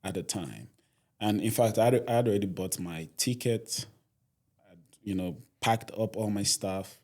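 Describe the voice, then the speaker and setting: A man's voice: fairly low pitch, animated, unhurried, a little mellow. A young man, a podcast guest telling his story earnestly, often adding "you know". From Nigeria. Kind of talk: casual interview storytelling.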